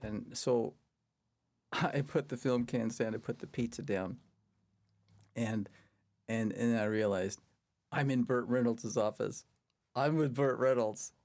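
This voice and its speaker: An older man spins a long story as a podcast guest, his voice mid-pitched with a gravelly, creaky edge. He chuckles as he goes and raises his voice to act out the people in the tale. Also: slow, long pauses, a little mellow. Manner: chuckles through his anecdote; acts out quoted people in a raised voice. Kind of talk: casual storytelling.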